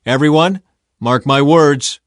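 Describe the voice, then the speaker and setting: A man's voice: on the high side, takes it slowly, no room sound, clean studio sound, pitched above the performer's own voice. A man reading aloud and voicing a stern prophet who speaks in a solemn, declaiming way. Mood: defiant. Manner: solemn and declaiming, sometimes sarcastic. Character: stern older male prophet who defies the king.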